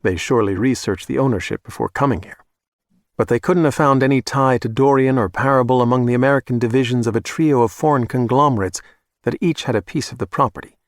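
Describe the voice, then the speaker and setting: A man narrates a thriller audiobook in a measured, even storytelling manner, his mid-range voice captured in a dry, studio-quality recording.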